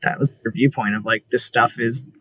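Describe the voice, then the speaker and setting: A man's voice: mid-range voice, steady tone, normal speed, a bit bright, slight background noise, rough recording. A young man talking casually and earnestly as an interview guest, full of "like" fillers.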